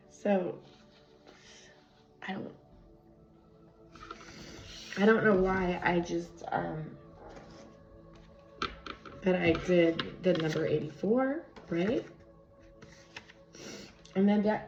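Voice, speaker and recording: A woman's voice: mid-range voice, darkish tone. A woman giving a casual spiritual tarot reading, rambling and tangential, with many fillers, recorded on a phone. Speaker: tarot reader. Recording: echoey room, dull lo-fi sound, faint music.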